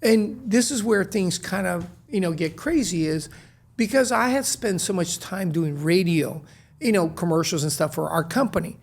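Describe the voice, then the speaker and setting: A man telling stories as an interview guest, lively and acting out the dialogue he recalls. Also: high voice, moderate pace, creaky. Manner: lively, acts out quoted dialogue. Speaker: guest, restaurant co-founder. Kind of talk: animated storytelling in conversation.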